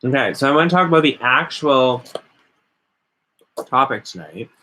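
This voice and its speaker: A man's voice: medium pitch, animated, moderate pace, pushed and bright, slight background noise. A man hosting a casual, rambling chat while stoned, often mock-quoting other people. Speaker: host.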